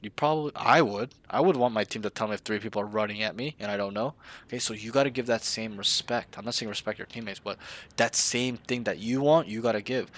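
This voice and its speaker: A man's voice: lowish voice, fast talker, a bit bright, no echo. A man coaching a player in a casual game review, blunt and slangy, often swearing.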